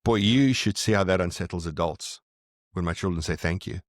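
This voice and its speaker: Deep-voiced earnest man, podcast guest. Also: brisk, no echo, studio quality. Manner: earnest, reflective storyteller. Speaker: podcast guest, parenting author. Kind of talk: conversational interview, explaining.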